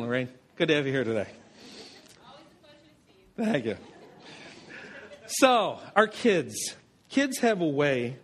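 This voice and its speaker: High-voiced pastor telling stories. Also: male voice, a bit bright. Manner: anecdotal storyteller with self-deprecating humor. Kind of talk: sermon.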